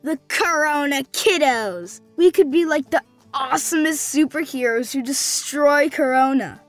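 A woman's voice: high voice, a little slow, soft background music. A woman playing a cheerful, lighthearted young boy writing letters in an audio drama. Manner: bubbly, lighthearted, playful.

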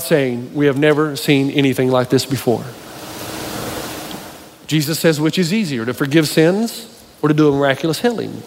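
Man preaching in a reverberant hall. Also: a little high. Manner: storytelling preacher, animated, addresses the audience directly. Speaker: pastor. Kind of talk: sermon. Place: church hall with a live audience. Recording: reverberant hall, faint ambience.

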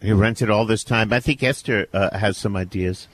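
Low-voiced, genial radio host. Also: male voice, moderate pace, fairly bright tone, slight background noise. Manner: genial, jokey. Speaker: fill-in host. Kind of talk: radio talk show hosting.

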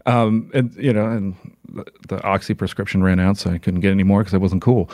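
A man's voice: low voice, steady tone, fairly quick, a little mellow, no room sound, studio quality. A man as an interview guest, chatting casually in a rambling way, with many restarts and filler words. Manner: rambling, full of "like" and restarts, laughs often.

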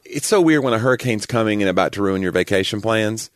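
A man with a low voice, telling stories in relaxed podcast talk. The sound is dry and close, with no room around it. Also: no echo. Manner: chatty storyteller, quick asides and laughs. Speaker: podcast co-host. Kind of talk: casual chat.

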